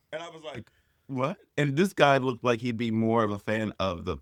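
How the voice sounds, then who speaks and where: A man's voice: medium pitch, lively intonation, normal speed, no room sound, clean studio sound. A man, a drag performer, telling stories in a casual interview and acting out the voices of people he quotes.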